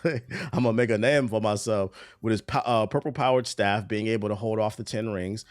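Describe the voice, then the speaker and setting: A man streaming casually, reading entertainment news aloud and breaking off into profane, laughing asides. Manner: profane, laughing asides, excitable pitch jumps.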